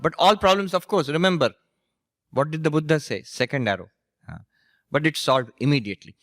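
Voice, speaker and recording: A monk and spiritual teacher giving a storytelling lecture, anecdotal and gently humorous. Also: male voice, mid-range voice, no echo, clean studio sound. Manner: anecdotal, gently humorous, laughs at his own stories.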